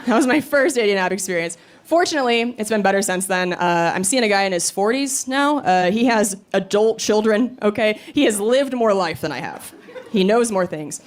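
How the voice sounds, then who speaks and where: A woman in her thirties doing a stand-up comedy set, telling stories quickly with chuckles. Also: medium pitch. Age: 30s. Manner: fast animated storytelling with chuckles. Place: comedy club stage. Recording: live club with audience and room noise.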